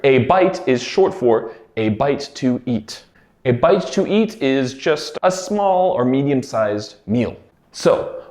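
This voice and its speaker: A man hosting an English lesson, explaining phrases and sound changes and repeating examples slowly and clearly. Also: mid-range voice, a little mellow. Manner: slow, exaggerated modelling of example phrases. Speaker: English teacher. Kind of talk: lively teaching narration.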